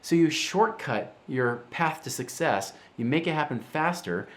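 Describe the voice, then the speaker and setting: A man's voice: on the high side, measured pace. A middle-aged man hosting a finance show, talking casually to camera and acting out the voices of people in his stories. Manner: animated storyteller, acts out quoted voices. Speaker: show host.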